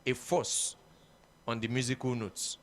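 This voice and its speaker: A man's voice: mid-range voice, little pitch movement, unhurried, fairly bright tone. A man with a Nigerian English accent reading out music theory definitions, repeating each phrase. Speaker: choir music teacher.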